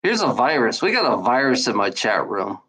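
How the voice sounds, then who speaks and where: A man's voice: mid-range voice, big pitch swings, a little fast, pushed and bright, slightly rough, low-quality recording. A man livestreaming alone, ranting at his chat trolls in a scornful, profane, repetitive way. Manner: profane, scornful, repeats himself, talks back to chat. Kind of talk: rambling livestream rant.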